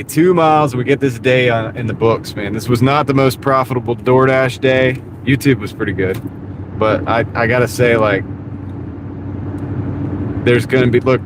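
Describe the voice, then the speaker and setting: A man's voice: medium pitch, normal speed. A man with a Southern accent rambling casually to his live-stream viewers while he drives, easygoing and self-deprecating. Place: inside a car at night. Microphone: wireless clip-on mic. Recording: audible road and car noise. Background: car and road noise.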